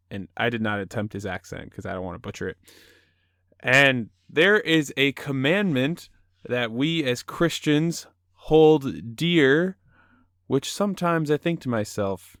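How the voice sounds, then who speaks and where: A man's voice: medium pitch, animated, unhurried, a bit bright, dry recording, studio quality. A young man hosting a casual Christian podcast, upbeat and joking, often laughing. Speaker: podcast host.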